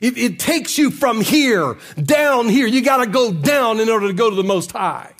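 A male pastor preaching a sermon, often breaking into a sung cadence and climbing to shouts. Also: very high voice, lively intonation, normal speed.

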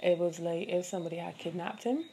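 A woman's voice: on the low side, fast talker, dark tone, slight background noise. A young adult woman hosting her own podcast, telling a story in a candid, profane, chatty way with lots of fillers. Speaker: podcast host. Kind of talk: casual solo podcast storytelling.

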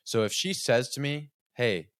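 A man hosting an interview podcast, chatting in a relaxed, thoughtful way. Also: on the low side, normal speed, dry recording, clean studio sound. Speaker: podcast host. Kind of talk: conversational interview.

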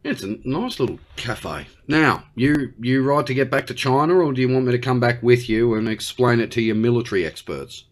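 A man's voice: mid-range voice, expressive, moderate pace, few pauses. An Australian man doing a brash, slangy one-sided comedy conversation with an unheard partner. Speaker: comedy podcast host.

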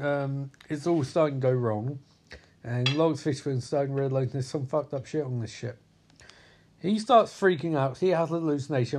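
A man with a somewhat high voice tears through a film plot in a comedic recap, swearing freely and sarcastic throughout. He keeps dropping into quick quoted bits for each character. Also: a little mellow.

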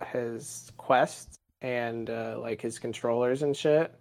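A young man co-hosting a loose podcast, rambling through profane stories. He acts out his own yelling rants as he tells them. His voice has an ordinary middle pitch. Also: steady tone, slow pace. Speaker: podcast co-host. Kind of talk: casual podcast storytelling.

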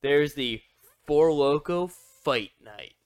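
A man's voice: fairly high pitch, expressive, slow, clean tone. A man co-hosting a loose group podcast, chatting casually with lots of fillers and restarts. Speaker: podcast co-host.

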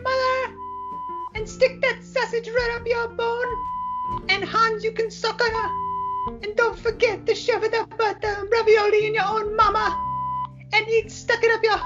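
A man voicing a shrill, excitable, foul-mouthed male actor who rambles and loses control. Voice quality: squeaky high voice. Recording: lo-fi recording with guitar music.

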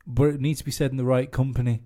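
Mellow-voiced man in crude banter. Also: medium pitch, little pitch movement. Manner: halting, full of restarts and ums. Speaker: podcast co-host.

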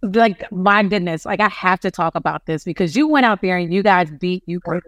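A man's voice: sits high, fairly quick, a bit bright. A man hosting an interview podcast, affirming his guest with short reactions and admiring comments. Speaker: podcast host.

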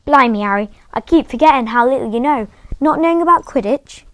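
A woman voicing a big, hearty adult male groundskeeper, loud, blunt and chatty, in a storybook reading with voices. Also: high voice, animated, fairly quick, no echo.

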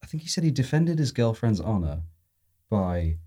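A man telling a story in casual chat, animated and laughing often. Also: on the low side, normal speed.

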